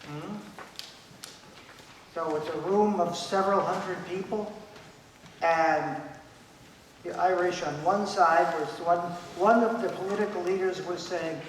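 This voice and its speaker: High-voiced man lecturing in an echoey hall. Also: steady tone, a little slow, long pauses, a little hiss or hum. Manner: emphatic, repeats key points, acts out quoted voices. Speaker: conference speaker. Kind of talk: lecture at a conference. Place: conference hall. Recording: echoey hall, voice picked up from a distance.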